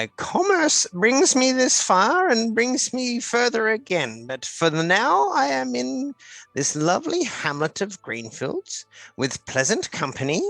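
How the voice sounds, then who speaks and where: A man's voice: high voice, vocal fry, fairly bright tone, no room sound, exaggerated voice. A man voicing a courteous, formal-speaking male merchant in a tabletop role-play. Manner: stiff formal phrasing.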